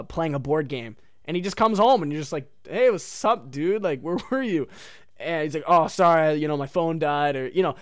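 A man's voice: a little high, smooth, dry recording, clean studio sound. A young man hosting a podcast, telling a casual rambling story full of "like" and "dude.". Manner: rambling, heavy use of "like" and "dude". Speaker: podcast host.

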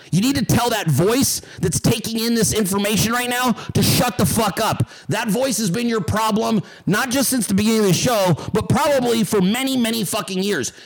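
A man with a high-pitched voice hosts a livestream and rants straight at his chat. He swears freely and mocks commenters with biting sarcasm. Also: rough recording. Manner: sarcastic, mocking, ranting at chat. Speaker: livestream host. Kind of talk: profane livestream rant.

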